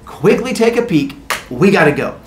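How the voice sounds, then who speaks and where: A man's voice: sits high, big pitch swings, normal speed, far from the mic, noisy background. A man voicing a bewildered, cheerful young male hero in a goofy, matter-of-fact way. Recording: roomy echo.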